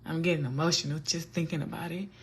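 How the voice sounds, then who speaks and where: A woman's voice: sits low, fairly even intonation, fast talker, slightly rough. A woman vlogger giving a casual, earnest faith talk that often repeats her points and turns preachy.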